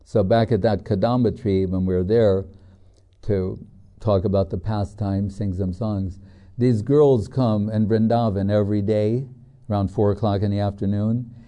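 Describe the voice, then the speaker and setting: A man's voice: lowish voice, fairly even intonation, moderate pace, warm tone. A middle-aged man giving a devotional scripture talk, telling stories in a chatty way with many fillers. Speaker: spiritual teacher. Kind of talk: devotional scripture lecture with anecdotes.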